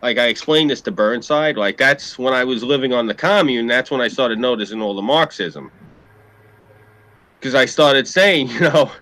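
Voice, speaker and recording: New york dude rambling, cursing, cracking jokes, sharp bright voice. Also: male voice, medium pitch, normal speed, no echo. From New York City area. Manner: profane, rambling, joking. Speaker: podcast host. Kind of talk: casual storytelling chat.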